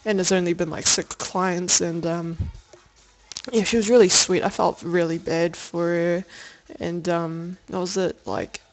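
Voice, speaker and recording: Speaking at a measured pace with a lowish, even voice, a young video diarist rambles through a story from her life. She fills it with fillers, laughs and swears casually.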